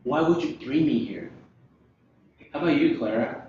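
A man's voice: fairly high pitch, normal speed, a little mellow, heavy reverb, lo-fi sound, slight background noise. A man leading an interactive Bible lesson, asking his listeners questions and laughing often. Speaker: Bible study teacher.

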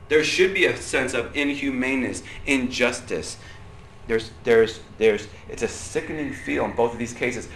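A man preaching a sermon to a room, animated, swinging from loud outbursts to quiet asides and asking the audience questions. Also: medium pitch, normal speed, roomy sound. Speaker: pastor.

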